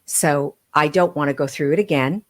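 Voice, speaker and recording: Low-voiced earnest woman telling stories. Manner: earnest, heartfelt, halting restarts. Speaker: podcast guest, medium and author. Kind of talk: emotional personal storytelling.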